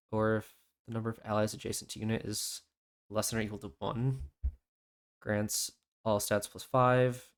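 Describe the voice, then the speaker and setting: A man's voice: lowish voice, smooth. A man hosting a casual game reaction chat, reading out stats and skill text in a laid-back way. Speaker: channel host.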